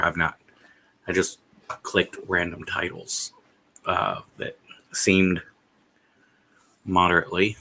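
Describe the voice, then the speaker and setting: Low, slow-talking streamer man. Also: bright, forceful tone. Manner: rambling, profane, thinking aloud with many "uh"s. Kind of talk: casual live-stream chatter.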